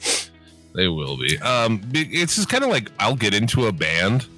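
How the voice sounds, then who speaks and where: Bright-voiced, low-pitched man swearing in casual chat. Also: wildly swooping pitch, moderate pace, faint music behind. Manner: rambling, swears a lot, many fillers. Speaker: podcast co-host.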